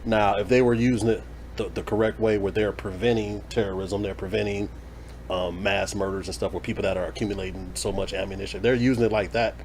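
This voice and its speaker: A man talking things over in a laid-back podcast chat, mid-pitched and measured, hesitating as he works through his points. Faint room ambience sits under his voice. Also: a little hiss or hum. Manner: relaxed, thoughtful, hesitant with fillers. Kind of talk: casual chat.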